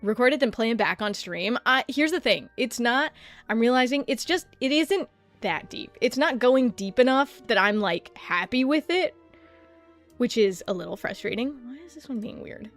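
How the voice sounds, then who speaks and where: A woman streamer chatting casually and rambling about practicing a deeper voice, self-deprecating and swearing freely. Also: animated, normal speed, soft background music. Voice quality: slight lisp-like clicking from a tongue piercing. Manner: experimenting with pitching her voice deeper. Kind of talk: casual livestream chat.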